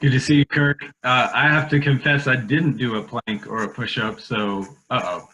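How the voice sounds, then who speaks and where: A man's voice: medium pitch, lively intonation, slow pace, pushed and bright, dull audio. A man from Denver, Colorado, a guest on a video call, telling stories in a friendly, easygoing way. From Denver, Colorado, USA. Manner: friendly storyteller, easy laugh. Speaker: guest, nonprofit founder. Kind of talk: casual webinar interview.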